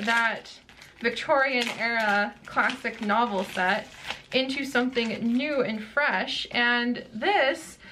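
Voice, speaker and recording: A young adult woman chatting casually through a book box unboxing, gushing and quick to exclaim over each item. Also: fairly high pitch, pushed and bright, slight background noise.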